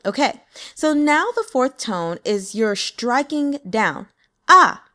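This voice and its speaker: A woman's voice: fairly high pitch, expressive, takes it slowly. A woman and native English speaker teaching pronunciation in a casual lesson, upbeat and demonstrating sounds with exaggerated examples. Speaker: language teacher.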